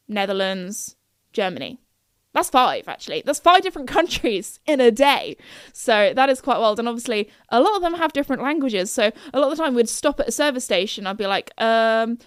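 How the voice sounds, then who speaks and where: A young British woman from the United Kingdom hosts a podcast solo, chatting casually and rambling, with lots of giggles and self-corrections. Her slightly high, smooth voice comes through a dry recording with clean studio sound.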